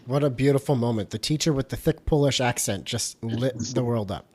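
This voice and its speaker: A man's voice: medium pitch, fairly quick, darkish tone. A man hosting a design podcast, asking questions and reacting with enthusiasm. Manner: enthusiastic, encouraging. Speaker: podcast host. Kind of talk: casual interview.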